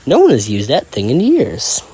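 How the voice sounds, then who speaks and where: A man's voice: mid-range voice, huge pitch swings, normal speed, mellow, breathy edge, voice pushed up, exaggerated voice. A man voicing a polite, cheerful female nurse who speaks in set phrases. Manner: polite and scripted.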